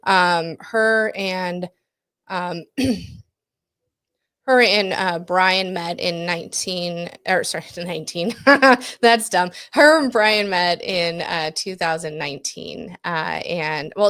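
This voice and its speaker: Woman podcast co-host, lowish voice, dry close sound, rambling chatty telling full of ums. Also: lively intonation, slow, a bit bright, no room sound. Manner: chatty, lots of fillers and self-corrections, laughs easily. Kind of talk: casual true-crime chat.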